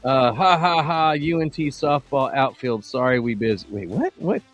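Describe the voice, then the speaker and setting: A man's voice: mid-range voice, animated, moderate pace. Male podcast co-host, casual late-night banter, reads chat aloud, light music under him. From Texas. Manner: loose, joking, reads chat comments aloud.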